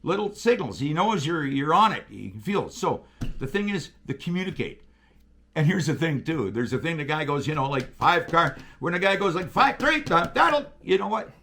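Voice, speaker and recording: A man with a high, bright-sounding speaking voice that swoops wildly up and down. He talks in a loose, animated, profane way, telling stories in casual chat. He acts out radio calls as he goes. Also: brisk. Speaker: guest, railroader.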